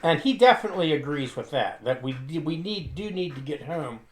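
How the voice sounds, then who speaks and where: A man's voice: fairly high pitch, animated, fairly quick. A man describing his character in a tabletop game, thinking aloud as he goes. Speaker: player. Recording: roomy echo.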